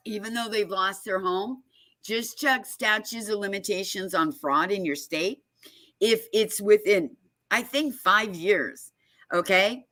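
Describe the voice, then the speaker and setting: A woman explains at an unhurried pace, leaning hard on her points. Her voice is bright and forward. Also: mid-range voice. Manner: emphatic storyteller, laughs often. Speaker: guest speaker on foreclosure fraud. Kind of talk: casual explanatory talk.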